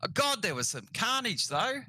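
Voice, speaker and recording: A racing driver with an Australian accent, talking in a laid-back, offhand way after a race. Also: male voice, very high-pitched, very animated, normal speed, pushed and bright, dry recording, rough recording. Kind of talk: relaxed post-race interview.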